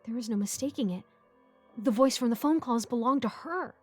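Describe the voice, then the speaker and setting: A woman reading a first-person horror story aloud in a measured, steady scripted narration. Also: fairly high pitch, dry recording. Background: background music.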